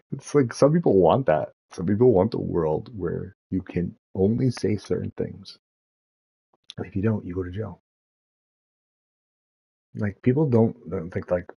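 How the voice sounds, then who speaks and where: A man rambling through casual commentary, profane and laughing often as he thinks out loud. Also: low voice, creaky, slightly rough. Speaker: streamer.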